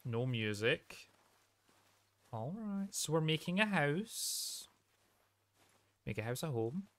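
A young man streaming a video game, giving animated, joking commentary and swearing freely. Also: a little high, takes it slowly. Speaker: let's play streamer. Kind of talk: casual gaming commentary.

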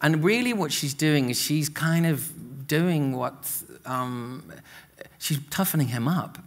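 A man's voice: on the high side, expressive, slow, in a large hall. A Northern Irish man, an author, talking at length in a literary interview and filling his sentences with "you know". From Northern Ireland. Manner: talkative, peppered with "you know" fillers. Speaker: author guest. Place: literature event stage.

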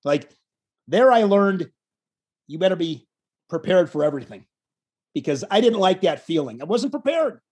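A man, a wrestling commentator, telling a story in a casual interview, animated and self-deprecating, often restarting his phrases. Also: sits high, normal speed, pauses often, breathy edge.

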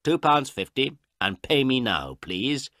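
A man voicing a proud, pushy town photographer who talks slowly and bossily. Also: medium pitch, big pitch swings, bright, forceful tone, no room sound, clean studio sound, pitched above the performer's own voice, heavily acted. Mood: proud, bossy. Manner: slow, proud and bossy.

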